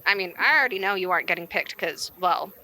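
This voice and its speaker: A woman voicing a smug, scheming young male student in a dry, sly, measured tone. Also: lowish voice, sharp tone, pitched below the performer's own voice, low-quality recording.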